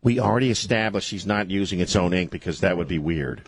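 A man's voice: sits low, animated, a crowd in the background. A middle-aged man hosting a talk radio show, joking wryly and chatting casually with a guest in the studio. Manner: joking, wry, drops into quick put-on voices. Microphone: studio microphone.

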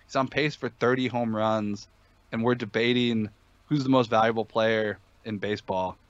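A man's voice: lowish voice, steady tone, normal speed, dry recording, muffled recording. A man talking sports betting in a casual podcast chat, emphatic and opinionated, with many fillers and restarts.

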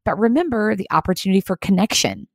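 A woman hosting a leadership video series, giving an earnest, encouraging, measured motivational talk. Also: medium pitch, expressive, dry recording, clean studio sound. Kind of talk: scripted motivational talk to camera.

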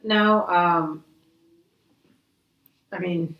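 A woman chats bluntly and swears freely, her voice sitting on the low side. She is heard from some distance off the mic, in a roomy, echoey space. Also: very slow, dull audio. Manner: blunt, profane. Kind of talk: casual chat.

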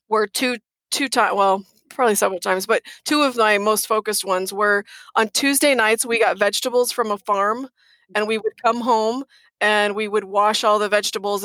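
A woman's voice: medium pitch, fairly bright tone, no echo. A middle-aged woman speaking earnestly and emphatically as a guest in a casual interview, repeating words for stress.

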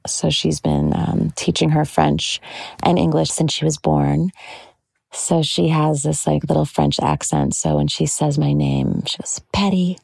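A young woman chats casually to the camera in a gushing, drawn-out way, full of "like"s. Her voice is low and mellow, with a strong gravelly fry and a breathy edge. She sounds close and dry, with no room around her. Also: no room sound. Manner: gushing, slow and drawn-out with frequent "like". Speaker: bride promoting her docuseries. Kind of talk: casual personal talk to camera.

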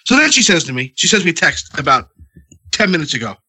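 Man, congested, bright tense voice, husky, swears a lot, ranting storyteller. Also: a little high, big pitch swings, quick pace. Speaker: podcast co-host. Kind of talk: casual chat. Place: home, at night.

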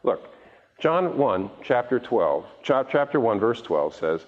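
A male preacher delivers a sermon with a wide-ranging, animated voice, often repeating a word as he restarts. He acts out the voices of the people he quotes. The recording is dull and muffled, with long reverb from a large hall. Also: medium pitch, takes it slowly. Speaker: pastor.

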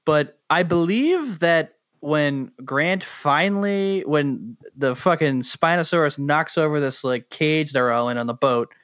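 A man from Boston picks apart a movie with sarcastic, profane jokes. His voice sits somewhat high, and the sound is dry and slightly muffled, like lo-fi podcast audio. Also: expressive, unhurried, hardly any pauses, a bit bright, dry recording. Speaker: podcast co-host. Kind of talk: casual comedic movie commentary.

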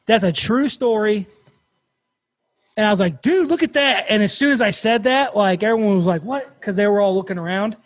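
A man hosting a podcast, telling a campfire story in a casual, animated way and swearing freely. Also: sits high, brisk, no echo. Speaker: podcast host.

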